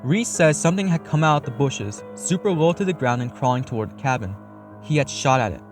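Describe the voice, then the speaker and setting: A man's voice: medium pitch, animated, brisk. A young man narrating a first-person horror story in a casual, matter-of-fact way, swearing freely. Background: faint eerie background music.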